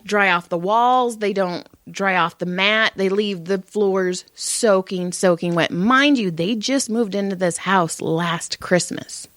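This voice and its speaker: Profane, animated woman storyteller. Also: medium pitch, slow pace, hardly any pauses, no echo. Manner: animated, profane storyteller who acts out voices. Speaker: podcast co-host, massage therapist. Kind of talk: casual chat.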